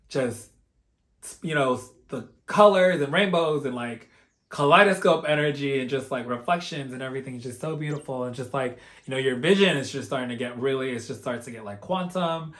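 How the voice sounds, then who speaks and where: Rambling through a personal story, a male spiritual vlogger sounds earnest and emotionally open, leaning on "like" and "you know." His mid-range voice is slightly bright and his manner casual.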